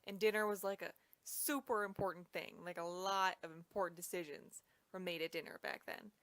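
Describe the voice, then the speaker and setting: A woman's voice: fairly low pitch, steady tone, a little fast, a bit bright, dry recording. A young woman casually retelling a history story, chatty and full of fillers. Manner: chatty, lots of "like".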